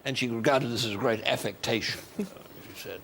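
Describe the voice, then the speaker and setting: A man's voice: medium pitch, a bit bright. An older Australian man telling wry stories as a guest on a chat show. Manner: wry, unhurried storytelling. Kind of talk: anecdotal chat show talk. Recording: noisy television studio.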